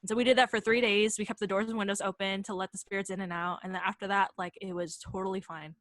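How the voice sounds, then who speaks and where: A woman's voice: medium pitch, level tone, quick pace, fairly bright tone, no room sound. A young woman from San Jose telling a ghost story casually on a podcast, chatty and full of fillers. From San Jose, California. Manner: chatty, many fillers and quoted voices. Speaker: podcast co-host.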